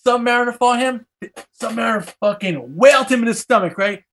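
A man's voice: very high-pitched, a little fast, a bit bright, slight background noise. A man casually retelling a comic book plot, rambling and swearing freely with lots of filler. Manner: rambling and profane, heavy use of filler phrases and slang.

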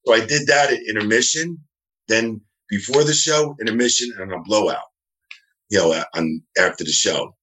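Low-voiced man telling rambling stories. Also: normal speed, poor audio. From New Jersey, US. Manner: rambling, animated, acts out quoted dialogue. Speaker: guest. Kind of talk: casual storytelling interview.

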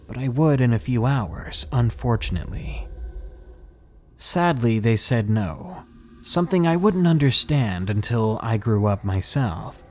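A man narrates a first-person scary story in a mid-pitched voice that rises and falls with lively intonation. His delivery is dramatic and deliberate, stretching out the tense moments. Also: slight background noise. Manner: expressive, dramatic, slowing for suspense.

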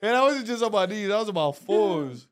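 A man's voice: high voice, animated, brisk. A man co-hosting a podcast in loose, slangy casual chat, laughing often. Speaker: podcast co-host.

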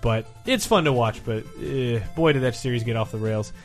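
A man's voice: medium pitch, moderate pace, soft background music. A man co-hosting a casual podcast, rambling and laughing often, with a loose, swearing style. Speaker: podcast co-host. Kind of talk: casual chat.

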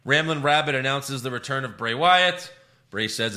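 Bright-sounding guy on a podcast, recapping wrestling, pokes fun with silly voices. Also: mid-range voice, moderate pace. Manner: mocking voices in quoted asides. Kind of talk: casual chat.

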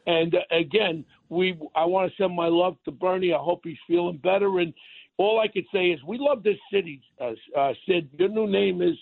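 A regular guest calls in to talk radio and rants bluntly, heated and insulting. His voice is high-pitched and creaky at a moderate pace, coming through a tinny, dry phone line with no room sound.

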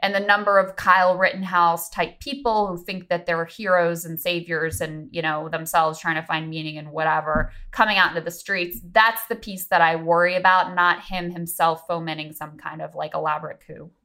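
Female pundit guest, lower register, crisp bright tone, analytical and earnest. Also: steady tone, normal speed, hardly any pauses. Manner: earnest, analytical, with frequent ums. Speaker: political commentator guest. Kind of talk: casual political discussion.

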